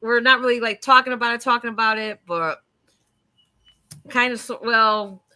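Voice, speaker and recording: Woman host for a livestream panel, bright and high, chatty and rambling with lots of ums. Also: fairly even intonation, moderate pace. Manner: rambling, heavy with um and restarts. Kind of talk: casual livestream panel chat.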